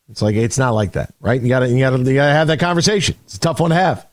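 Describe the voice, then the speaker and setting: A man's voice: medium pitch, animated, very fast, hardly any pauses, dry recording. A man hosting a sports radio show in a casual, emphatic style, often restarting his sentences. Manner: conversational, emphatic, frequent restarts.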